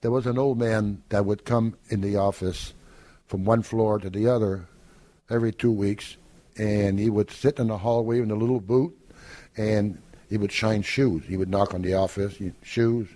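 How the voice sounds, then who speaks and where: An older man appears as a podcast guest, telling stories casually in a lowish voice at a moderate pace. He's an animated storyteller who acts out what others said and laughs often throughout the interview.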